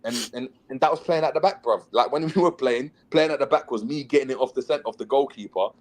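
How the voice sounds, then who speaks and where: A man, chatting casually and telling animated stories about his football past. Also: medium pitch, quick pace. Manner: animated storytelling, mimics a shouting coach. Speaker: former footballer, podcast guest. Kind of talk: casual chat.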